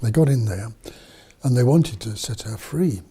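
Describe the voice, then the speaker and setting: A man's voice: medium pitch, lively intonation, moderate pace, dark tone, slightly rough. A man, a priest and missionary, telling stories in an interview, rambling with many fillers and restarts. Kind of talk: storytelling in an interview.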